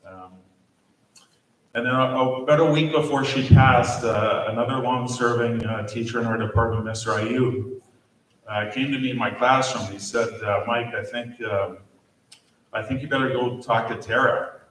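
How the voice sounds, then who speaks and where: A man in his fifties, a teacher, giving halting, gently humorous memorial remarks with many fillers. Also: mid-range voice, fairly even intonation. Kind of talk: memorial speech. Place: large echoey school room at a podium. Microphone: distant podium mic. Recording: echoey room, distant mic, faint noise.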